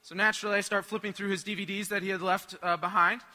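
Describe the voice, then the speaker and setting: A young man giving a humorous, animated storytelling talk to a live audience at a church rally, acting out the voices of the people in it. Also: high-pitched, quick pace, long reverb tail. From United States. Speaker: speaker at a Catholic renewal rally.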